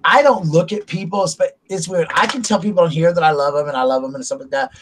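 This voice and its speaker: Talking fast in a fairly high voice, a middle-aged South Carolina host rambles openly and confessionally about his family and feelings in a casual chat. A faint hiss or hum sits in the recording.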